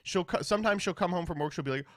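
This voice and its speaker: A man streaming and casually chatting, answering viewer questions in a sardonic, profane, animated way. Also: sits high, very fast, no room sound, clean studio sound.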